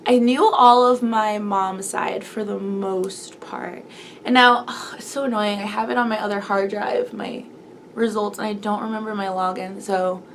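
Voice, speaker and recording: Young woman vlogger, gravelly voice, teary confessional talk, faint hiss behind. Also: medium pitch. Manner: emotional, tearful, rambling with many likes. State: close to tears. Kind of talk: personal confessional vlog.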